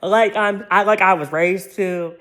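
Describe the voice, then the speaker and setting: A woman's voice: medium pitch, steady tone, a little slow, fairly bright tone. An American woman ranting in a vlog, profane and rambling, laughing through her anger. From United States. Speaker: vlogger.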